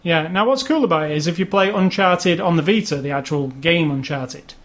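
A man's voice: fairly high pitch, brisk. A man co-hosting a casual chat about video games, rambling along with restarts and fillers. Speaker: podcast co-host.

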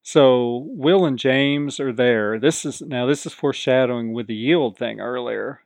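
Male podcast host, casual recap, medium pitch, dry close mic. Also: measured pace, vocal fry, no room sound. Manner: chatty, quotes the contestants in animated voices. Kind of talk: casual reality show recap.

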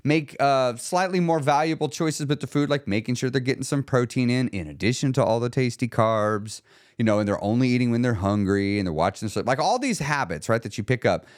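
A man's voice: medium pitch, brisk, no echo, clean studio sound. A middle-aged man hosting a solo weight loss podcast, talking casually and getting worked up into rants. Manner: excitable, gets worked up and rants.

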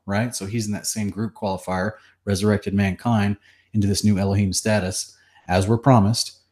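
A man earnestly teaching scripture in conversation, citing verses rapidly with chapter and number. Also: lowish voice, a little mellow. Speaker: Bible teacher.

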